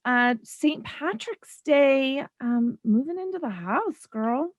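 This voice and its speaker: A woman's voice: high-pitched, lively intonation, slow pace, no echo. A woman co-hosting a podcast from a trailer, chatting enthusiastically and cheering her partner on. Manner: enthusiastic, encouraging. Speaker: podcast co-host. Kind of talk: casual chat.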